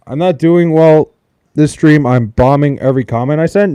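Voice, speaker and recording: A man's voice: a little high, normal speed, dark tone, smooth. A young man chatting casually on a live stream, joking and swearing loosely with his chat while sounding tired. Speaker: livestreamer. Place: at home in Wisconsin.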